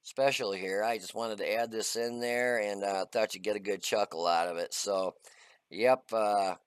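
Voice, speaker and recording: A man's voice: lowish voice, fairly even intonation, normal speed, clear, resonant tone, no echo. A middle-aged man casually talking through a replay of his tank game, chatty and folksy with lots of "uh" fillers. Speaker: gaming channel host. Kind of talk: casual gameplay commentary.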